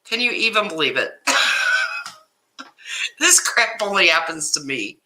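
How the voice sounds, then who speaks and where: A middle-aged woman hosting a casual livestream, telling a story in an animated way and greeting viewers by name, upset and stressed. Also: lowish voice, a little fast, rough recording. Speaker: livestream host.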